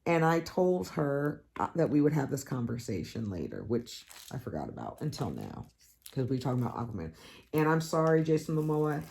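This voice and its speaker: A woman hosting a crafting channel, chatting casually to her viewers in a blunt, animated, profane rant with dramatic swoops up in pitch for emphasis. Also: moderate pace, creaky. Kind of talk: casual chat vlog.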